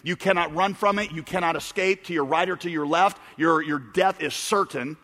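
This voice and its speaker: A man preaching a sermon as pastor, swinging between forceful declarations and quieter, conversational stretches. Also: a little high, moderate pace, long reverb tail. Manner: preaching with dramatic shouted quotes and swings in volume.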